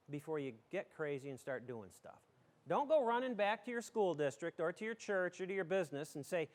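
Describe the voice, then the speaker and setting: High-voiced folksy middle-aged man. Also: big pitch swings, moderate pace. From southern tier of western New York. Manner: joking, folksy, emphatic. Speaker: school superintendent. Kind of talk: folksy talk to a community audience.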